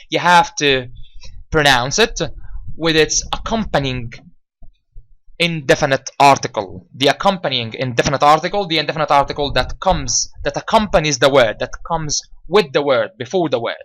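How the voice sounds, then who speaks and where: A man with an Egyptian accent, an English teacher giving a vocabulary lesson with repeat-after-me drills, rephrasing each point several times in a deliberate way. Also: a little high, a bit bright, rough recording.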